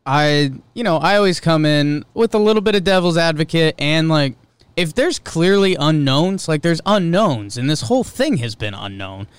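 A man, co-hosting a podcast in relaxed, joking chat. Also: a little high, moderate pace, smooth, no room sound. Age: 30s. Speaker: podcast co-host. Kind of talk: casual chat.

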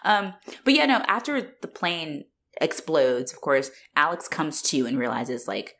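A woman's voice: sits low, a little slow, few pauses. A young woman casually recapping a movie on a podcast, swearing freely and laughing often. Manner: profane, animated, laughs often. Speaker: podcast co-host.

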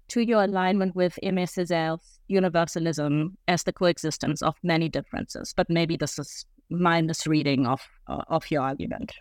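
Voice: mid-range voice, clear, resonant tone, no echo. An interviewer asking a long, careful question with occasional fillers.

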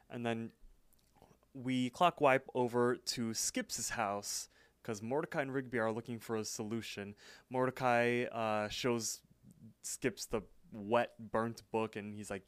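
Smooth-voiced man recapping a cartoon. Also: on the low side, steady tone, no echo. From England. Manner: retells scenes with quick quoted lines, loose and chatty. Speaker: podcast co-host. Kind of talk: casual recap chat.

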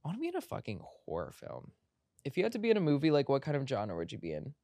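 A low-middle voiced podcast host chatting in a studio. The talk rambles playfully, packed with "like" fillers. The sound is dry and close. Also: wildly swooping pitch, quick pace, warm tone, no room sound. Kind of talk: casual chat.

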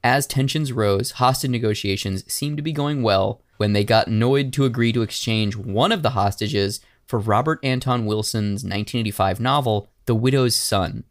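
Man, podcast co-host, casual storytelling, animated quotes, swearing. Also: medium pitch, normal speed, few pauses. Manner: animated storytelling, acting out shouted quotes with profanity. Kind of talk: casual true-crime podcast chat.

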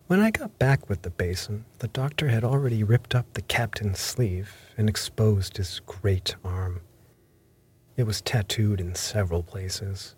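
A man tells a classic adventure tale in measured, scripted narration. His low voice is very husky and breathy, and some phrases drop to a half whisper. He keeps an unhurried, slow pace throughout. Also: darkish tone. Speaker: audiobook narrator.

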